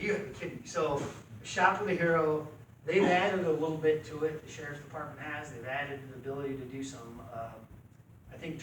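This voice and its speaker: A middle-aged man telling an animated, folksy story at a club meeting. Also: a little high. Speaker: club member. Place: meeting room. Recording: echoey room from far off, faint noise.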